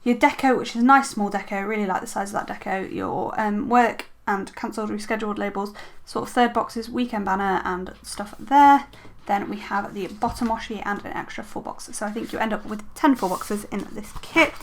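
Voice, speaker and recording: A young woman talks casually at her desk at home, her voice sitting at a middle pitch. She chats along as a vlogger, filling pauses with ums and correcting herself as she goes. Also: slight background noise. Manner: chatty, frequent ums, self-correcting. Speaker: planner vlogger. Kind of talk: casual show-and-tell chat.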